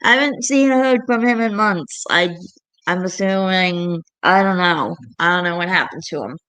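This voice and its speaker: A woman's voice: fairly low pitch, moderate pace, a bit bright. A young woman talks straight to her camera in a casual vlog, venting about her frustrations. She rambles, restarts her thoughts and sighs often. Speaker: vlogger.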